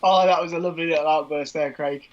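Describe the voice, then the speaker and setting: A man's voice: a little high, fairly even intonation, quick pace, lo-fi sound. A man co-hosting a live football watchalong, chatting in a rambling way with plenty of fillers. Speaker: co-host.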